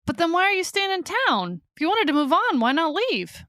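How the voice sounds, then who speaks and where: A woman voicing a sly man rogue in a woman's disguise, speaking in brisk, wry, prodding questions. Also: very high-pitched, very animated, bright, forceful tone, dry recording, studio quality, voice pushed up, exaggerated voice.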